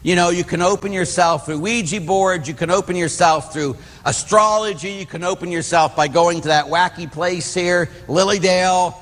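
A middle-aged man from the Pittsburgh area, a Catholic priest telling stories in a homily, animated and acting out voices. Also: high voice, moderate pace, few pauses, long reverb tail. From Pittsburgh area, United States. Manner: animated storyteller, acts out voices in quotes. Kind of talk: storytelling homily.

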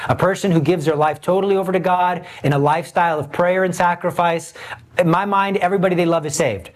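Earnest male Catholic preacher. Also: high voice. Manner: earnest, emphatic preaching with rhetorical questions. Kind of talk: sermon.

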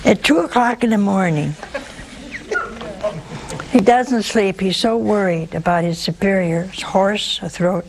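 A woman's voice: mid-range voice, slow, pauses often, background noise. A woman with a sore throat telling an audience the story of a saint, breaking in with homely, humorous asides. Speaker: religious storyteller.

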